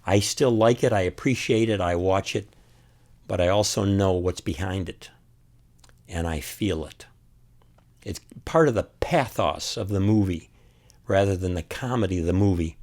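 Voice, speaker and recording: A man speaking earnestly and from the heart as an author and host, reflecting on a film scene. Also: sits low. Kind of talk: reflective commentary to camera.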